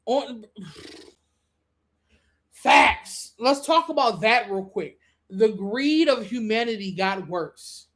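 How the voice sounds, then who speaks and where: A woman's voice: very slow, long pauses. Woman streamer chatting to chat, slangy and swearing, voice jumps way up when she gets going. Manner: animated, swings into high excited rants; slangy and profane. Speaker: live-stream podcast host. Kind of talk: casual live-stream chat.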